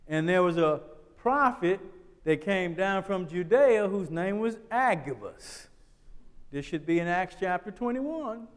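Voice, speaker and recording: A man's voice: high-pitched, long reverb tail. A man teaching a Bible class in a church, talking conversationally, often checking in with the class and repeating words as he thinks.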